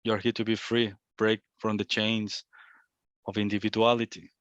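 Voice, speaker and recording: A man's voice: fairly low pitch, level tone, moderate pace, fairly bright tone, clean tone, no echo. Reflective male spiritual teacher, dry sound. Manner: reflective, repetitive phrasing. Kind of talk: satsang talk. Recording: dull, lo-fi, dry.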